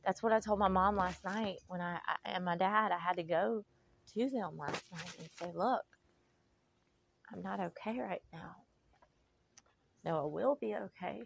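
A middle-aged woman giving an emotional personal testimony, slow and heartfelt with faith-filled sighs and pauses. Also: on the low side, vocal fry, slight background noise. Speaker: vlogger.

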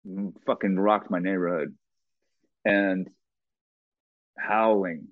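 A middle-aged man being interviewed, telling a personal story bluntly and profanely, with halting restarts. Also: sits low, fairly even intonation, no room sound. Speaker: guest. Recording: tinny phone-like line, dry.

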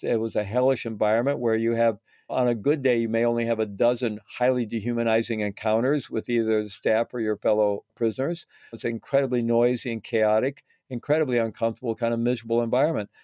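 A former prisoner who now teaches meditation practice speaks as an interview guest, earnest and reflective, often restarting and repeating words and tacking on "right?" His medium-pitched voice is warm, with no room sound.

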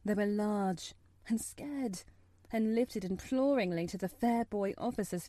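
Woman, audiobook narration, measured and expressive, mid-pitched voice, dry recording. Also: no room sound.

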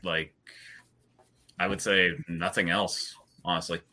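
A man in casual movie discussion, animated and laughing as he talks. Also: low-pitched, slow pace. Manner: animated, laughs while talking. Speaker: podcast panelist.

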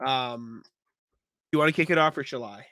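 A man's voice: medium pitch, normal speed, sharp tone, no room sound, studio quality. A young man co-hosting a casual sports podcast, sniffly from allergies, laughing often and joking loosely. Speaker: podcast co-host.

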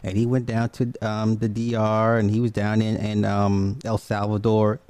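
A man in casual chat, relaxed and curious, laughing easily as he tells a story. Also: fairly low pitch, normal speed, clean tone, no echo.

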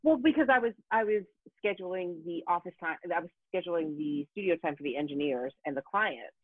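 Brief: woman voice actor, 40s, lively storyteller who mimics others, heard over a tinny phone line. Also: lowish voice, brisk, slightly rough, no room sound. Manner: animated storyteller, acts out quoted voices. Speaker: voice actor guest. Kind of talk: casual podcast chat. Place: home in Los Angeles.

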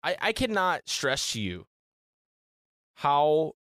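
A man's voice: a little high, slow, no echo, clean studio sound. A man hosting a podcast in casual chat, joking and swearing as he talks. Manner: animated, swearing, mimics singers. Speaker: podcast host.

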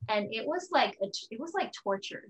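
A woman's voice: a little high, moderate pace, rough recording. A woman guest on a podcast, speaking openly and with animation, often acting out the harsh voices in her head. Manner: open, animated, acts out her inner voices. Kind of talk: candid conversational interview.

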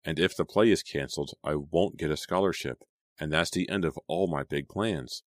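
A man's voice: rumbling low, normal speed, no room sound. Male reader doing a nervous teen girl, earnest, dry close audiobook sound. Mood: worried, earnest. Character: anxious teenage girl, aspiring actress. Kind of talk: audiobook character reading.

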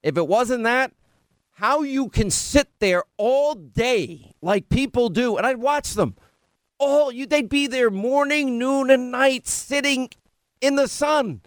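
A man's voice: extremely high pitch, slow, dry recording. Middle-aged guy radio host rambling on, restarts a lot, dry sound. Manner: rambling, self-interrupting storyteller. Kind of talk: casual on-air banter.

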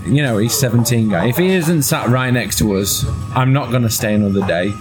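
A man's voice: medium pitch, fairly quick, over music. A man with the hiccups, a little drunk, giving dry, wry replies while chatting in a car outside a football ground. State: hiccupping and tipsy. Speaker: podcast co-host. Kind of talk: casual matchday chat.

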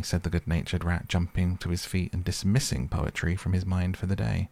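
A man reading a classic children's book aloud as a bedtime audiobook, in a slow, gentle storytelling manner. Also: low voice, steady tone, creaky, no echo. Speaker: podcast host and reader.

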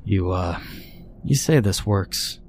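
A man's voice: low-pitched, takes it slowly, a little mellow, a little hiss or hum. A man doing a hesitant, cautious mayor. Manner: hesitant, reasoning. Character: cautious hesitant male small-town mayor.

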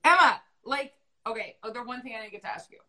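A woman's voice: a little high, fast talker, poor audio. A woman hosting a casual chat, animatedly telling stories and acting out what people said. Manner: animated storyteller, quotes people with voices. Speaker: podcast host.

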